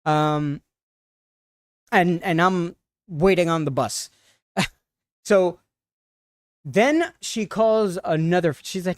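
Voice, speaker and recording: A man on a livestream retelling an upsetting encounter in a halting, shaken way, with many restarts. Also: sits high, lively intonation, no room sound, clean studio sound. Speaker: streamer. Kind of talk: casual storytelling on a livestream.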